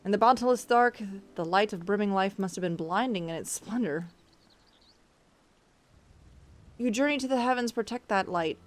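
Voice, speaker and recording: A woman's voice: fairly high pitch, a little fast, natural voice. A woman voicing an ancient male dragon who speaks through a construct, in a stately, formal way with a put-on foreign accent. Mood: solemn.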